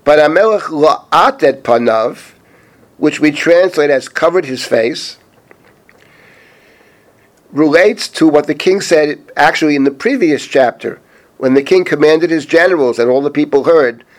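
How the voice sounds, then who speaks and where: A middle-aged man with a slightly high-pitched voice teaches a chapter of scripture as a rabbi. He reads Hebrew verses at a deliberate pace, then translates them and explains their meaning in a steady teaching manner. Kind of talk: spoken Bible lesson.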